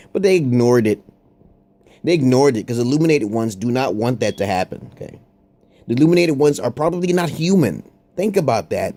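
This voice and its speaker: A man's voice: medium pitch, dark tone. A man rambling through a profane, confrontational monologue to his viewers, with frequent "okay?" asides. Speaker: online commentator.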